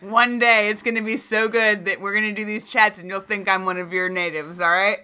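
A woman's voice: mid-range voice, fairly even intonation, fairly quick, pushed and bright, smooth. A woman hosting a podcast in casual chat, joking, laughing often and swearing freely. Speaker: podcast host.

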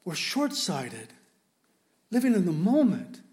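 A male pastor with a high voice delivers a sermon in an earnest, impassioned way. His feeling runs close to the surface, and he often breaks off and restarts his sentences. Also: wildly swooping pitch, slow, darkish tone. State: emotional.

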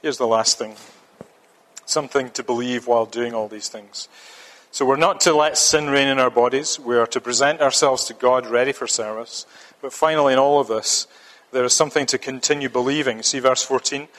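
A man's voice: medium pitch, fairly even intonation, fairly quick, fairly bright tone. A man preaching a sermon, earnest and emphatic, often repeating a phrase for stress. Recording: long reverb of a church hall.

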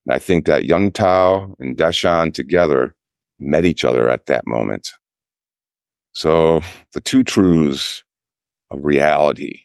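A Zen priest giving a dharma talk, telling a teaching story in a slow, measured way with pauses. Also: male voice, rumbling low, vocal fry, dry recording, studio quality.

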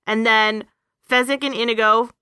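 A woman co-hosting a chatty podcast, her voice bright and crisp. She sounds lively and quick with her asides. The sound is close and dry. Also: on the high side, dry recording. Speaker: podcast co-host. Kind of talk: casual chat.

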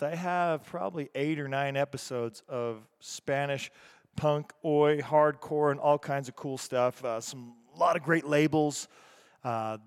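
A man's voice: medium pitch, clear, resonant tone. A man hosting a music show, talking casually and rambling with fillers and self-corrections.

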